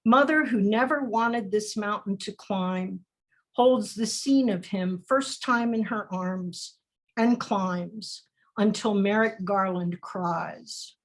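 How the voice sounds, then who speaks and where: A woman poet reading her poems aloud over a video call in a slow, deliberate recitation with measured pauses. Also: mid-range voice. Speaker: featured poet. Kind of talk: poetry reading.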